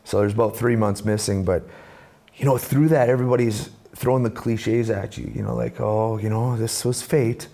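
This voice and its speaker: A Canadian man with a gravelly, dark, lowish voice tells his story at a moderate pace, conversationally. He's a guest, a musician and speaker, and an animated storyteller who acts out the voices he quotes.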